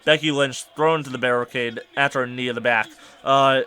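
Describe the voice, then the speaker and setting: Bright-voiced young man ranting. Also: mid-range voice, fairly even intonation, a little fast, clear, resonant tone. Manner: exasperated ranting, rising to near-shouts. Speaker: podcast host. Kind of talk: casual podcast rant.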